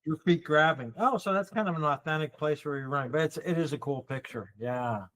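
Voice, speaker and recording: A man's voice: fairly high pitch, brisk, a bit bright. Male podcast host asking questions. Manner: brief backchannel replies, asks questions. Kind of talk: interview.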